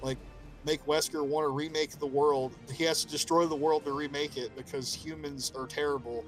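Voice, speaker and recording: A man co-hosting a casual podcast chat, excited and profane, laughing often. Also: fairly high pitch, normal speed, faint music behind. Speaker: podcast co-host.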